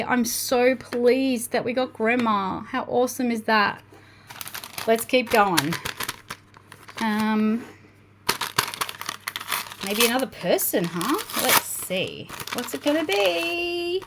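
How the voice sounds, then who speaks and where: A woman's voice: on the high side, background noise. A young adult woman with an Australian accent, chatting to viewers and the toys as she unboxes and builds. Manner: animated, talks to viewers and the toys. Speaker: toy unboxing vlogger. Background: crinkling packets and plastic clicks.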